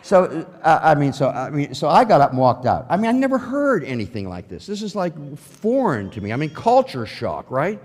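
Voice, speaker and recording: Brief: animated man, humorous testimony storyteller, hall reverb. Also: a little high, moderate pace, few pauses. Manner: animated storytelling with acted-out quotes. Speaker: testimony speaker.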